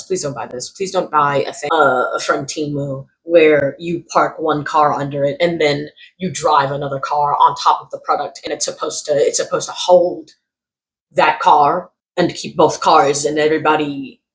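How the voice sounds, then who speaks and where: A young woman vlogging comedic product reviews, sarcastic and animated, jumping from loud outbursts to muttered asides. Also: deep voice, normal speed, poor audio. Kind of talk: casual comedic commentary.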